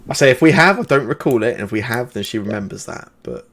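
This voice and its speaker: A man's voice: mid-range voice, expressive, fast, a bit bright. A man acting as game master, describing the scene casually in a tabletop game.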